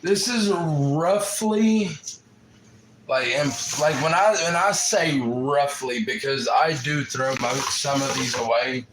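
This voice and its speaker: A man's voice: a little high, slow, noisy background. Profane slangy man in an echoey room. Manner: profane, slangy, calls listeners bro. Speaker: livestream host. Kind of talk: casual livestream chat.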